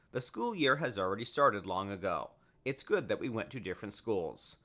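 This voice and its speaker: A man narrates an animated story in the first person, with a lively, animated telling. His voice sits on the low side, yet it sounds bright and crisp. The pitch swings widely from line to line.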